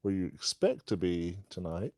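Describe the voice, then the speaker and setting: A man's voice: deep voice, sing-song, moderate pace, no room sound. A man co-hosting a podcast, telling rambling jokey stories and laughing often. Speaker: podcast co-host. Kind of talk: joking casual chat.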